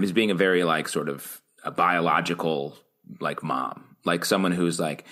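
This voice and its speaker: A man co-hosting a TV recap podcast, teasing the others and calmly arguing his own take. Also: low-pitched, measured pace. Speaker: podcast co-host. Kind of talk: casual TV recap chat.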